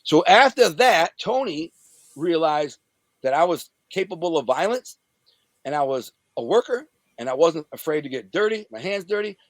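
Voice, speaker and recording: A man's voice: fairly high pitch, very animated, normal speed, no echo. A man from the Detroit area, an interview guest telling a story in profane street slang and acting out the scenes. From Detroit area, USA. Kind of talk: casual storytelling.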